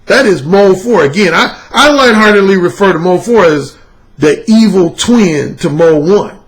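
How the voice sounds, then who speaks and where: A man's voice: high voice, expressive, normal speed. A man and dating coach delivering a casual vlog monologue, emphatic, profane and repetitive as he hammers his points home.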